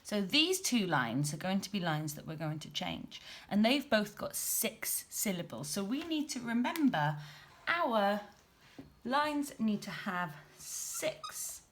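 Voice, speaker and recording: A woman's voice: medium pitch, big pitch swings, takes it slowly, a bit bright, slight background noise. A young woman teaching a primary class, explaining patiently, checking in with "okay?", and sounding out words beat by beat. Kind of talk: recorded home-learning lesson.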